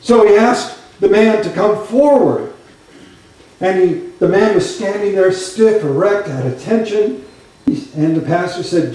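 A male pastor preaching a sermon, telling stories in an animated, conversational way with quick asides to the congregation. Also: sits high. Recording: echoey room, voice from a distance.

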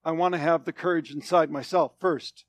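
A man preaching a sermon, repeating phrases for emphasis and asking the congregation questions, moving between loud declarations and hushed, low lines. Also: steady tone, moderate pace, no room sound, dull audio. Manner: asks the congregation questions directly. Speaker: pastor.

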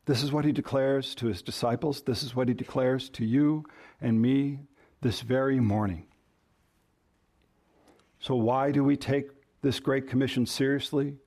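A man's voice: mid-range voice, steady tone, unhurried, darkish tone. A man preaching a sermon as pastor, emphatic, shifting his stress and pace to drive points home.

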